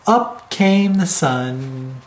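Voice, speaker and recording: A man reading a bedtime story to his baby, gentle and affectionate. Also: medium pitch, expressive, extremely slow, noisy background.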